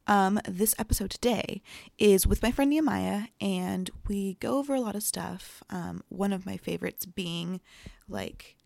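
A young woman hosts a laid-back podcast chat from home, sitting on the floor, sounding bubbly yet sleepy, with lots of fillers and casual swearing. Her voice has medium pitch, a moderate pace, vocal fry and a darkish tone, captured in a dry recording.

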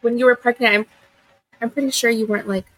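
A woman's voice: fairly high pitch, steady tone, fast, a bit bright, no echo, low-quality recording. A woman co-hosting a podcast who talks in a reassuring way, often saying "you know". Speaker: podcast co-host. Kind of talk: supportive conversation.

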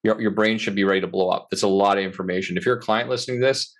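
A man co-hosting a podcast as a mortgage broker, talking in a chatty, energetic way and wrapping up with a sales-minded sign-off. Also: lowish voice, racing. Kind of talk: casual podcast talk.

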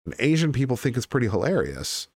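A man's voice: medium pitch, big pitch swings, fast talker, dry recording, clean studio sound. A man hosting a podcast in casual chat, rambling and blunt, with frequent fillers and swearing. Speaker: podcast host.

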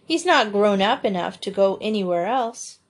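A woman's voice: mid-range voice, animated, moderate pace, close to an everyday voice. A woman voicing a blunt girl storyteller who speaks drearily and bitterly. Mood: dreary.

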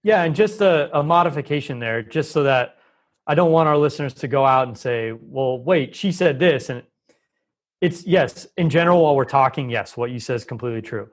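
A man on a podcast explaining health ideas at length, lively and talkative, often acting out quoted voices. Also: medium pitch, fairly quick. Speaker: guest expert on holistic health. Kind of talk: conversational podcast interview.

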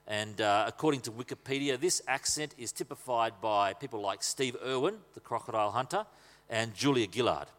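A man's voice: mid-range voice, fairly bright tone. A man preaching a sermon in a conversational, humorous way with asides to the congregation. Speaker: pastor. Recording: long hall reverb.

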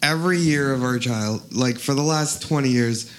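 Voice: medium pitch, moderate pace. A podcast co-host chatting casually in a laid-back, chummy way. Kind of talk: casual chat. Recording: faint background noise.

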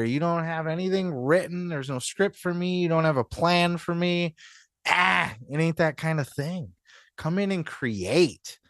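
A man's voice: fairly high pitch, no room sound, clean studio sound, voice pushed up. A man putting on the voice of a cocky male pro wrestler who gripes dismissively.

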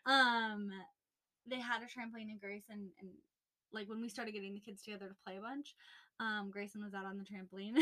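A young woman co-hosting a podcast, telling a story in a chatty, animated way, full of "like" and laughter, recorded in a small closet. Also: medium pitch, normal speed. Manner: animated, laughing, lots of "like" fillers. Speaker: podcast co-host. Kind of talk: casual storytelling chat.

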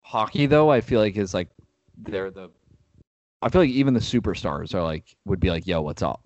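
Low-voiced teasing young New man. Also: animated, moderate pace, darkish tone, no echo. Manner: wry, teasing, self-mocking. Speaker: podcast co-host. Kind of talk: casual banter. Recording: dull dry lo-fi sound.

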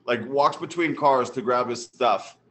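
A man's voice: mid-range voice, measured pace. A man in a casual chat, telling irritated, rambling anecdotes. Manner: annoyed, rambling anecdotes with restarts.

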